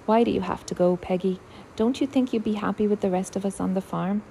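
A woman voicing a tearful young woman who is the heroine's older sister, speaking softly and pleadingly. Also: mid-range voice, fairly quick, vocal fry, slight background noise, voice pushed up, close to an everyday voice, low-quality recording. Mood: sad.

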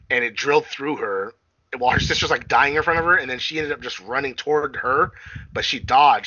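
A man's voice: medium pitch, sharp tone, lo-fi sound. A man casually recapping a film on a podcast, rambling and swearing, often acting out quotes and laughing. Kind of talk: casual chat.

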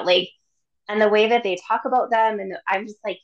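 A woman's voice: medium pitch, a little fast, highs cut off. Chatty woman acting out quotes. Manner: animated, quotes imagined voices, laughs often. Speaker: podcast guest, chakra teacher. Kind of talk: casual chat.

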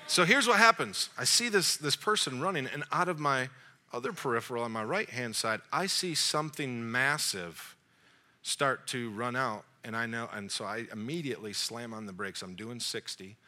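Man, 40s, pastor, storytelling sermon, very bright voice, jokey, acts out dialogue. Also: mid-range voice. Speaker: young adult pastor.

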